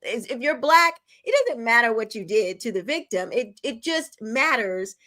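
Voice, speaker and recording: High-voiced female co-host with a swooping, animated delivery and a sarcastic edge. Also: moderate pace. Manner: indignant ranting, sarcastic quoting. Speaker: podcast co-host. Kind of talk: casual panel chat.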